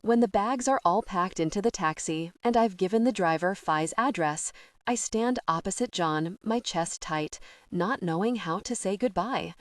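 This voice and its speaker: A woman reading a first-person romance audiobook in a soft, intimate, emotional way. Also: medium pitch, normal speed, no room sound. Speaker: audiobook narrator. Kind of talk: first-person scripted narration.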